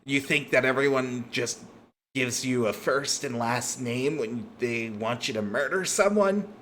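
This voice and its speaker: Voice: mid-range voice, a little slow, a bit bright, slight background noise, natural voice. A game master voicing a stubborn captured hitman in a tabletop game, who answers with scornful, incredulous questions.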